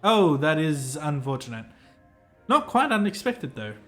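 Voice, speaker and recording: Man voicing pompous hotel clerk, fussy, formal, theatrical, game dialogue, slightly high voice. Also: sing-song, a little slow, fairly bright tone, soft background music. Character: pompous, self-important male hotel clerk. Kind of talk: reading game dialogue aloud.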